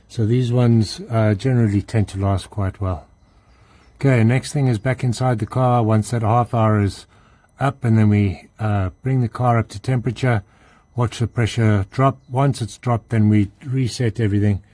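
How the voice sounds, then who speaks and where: A man's voice: fairly low pitch, dark tone, no echo. A man working as a mechanic, giving a hands-on how-to demonstration and explaining each step while he works under a car in a garage.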